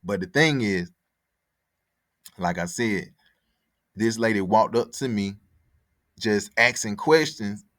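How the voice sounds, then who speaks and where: A podcast host born in Connecticut and raised in Atlanta tells a story in a fairly low, slightly bright voice, speaking slowly with frequent pauses. His talk is casual, profane, and rambling, with a lot of repetition, captured in echo-free studio quality.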